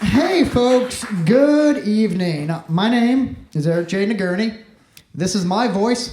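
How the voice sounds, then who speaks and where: A young man from Mississippi doing a stand-up comedy set with wry, deadpan delivery and quick asides. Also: high voice, crowd noise. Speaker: stand-up comic. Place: comedy club stage. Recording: roomy club sound, faint noise.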